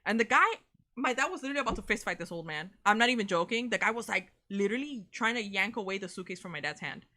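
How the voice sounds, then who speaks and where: A young woman, co-hosting a casual chat and telling a story in an animated way, swearing freely and saying "bro" a lot. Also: medium pitch, fast. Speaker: co-host of a reaction channel.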